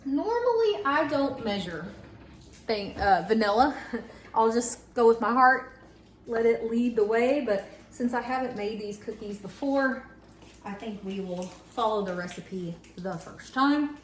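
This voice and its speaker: A chatty woman in her thirties talks through a recipe with plenty of ums, her voice a little high. The kitchen is echoey, with clear clatter around her. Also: a little slow, a little hiss or hum. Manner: chatty, many fillers, talks to her son. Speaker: home baking vlogger. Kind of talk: casual chat while baking. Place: home kitchen.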